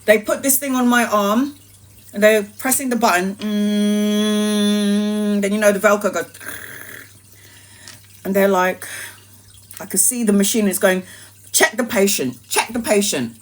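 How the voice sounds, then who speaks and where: A woman's voice: medium pitch, measured pace, long pauses. A woman telling a wild personal story in casual, swear-filled streamer style. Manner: animated, swearing, laughing anecdote. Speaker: tarot reader, streamer.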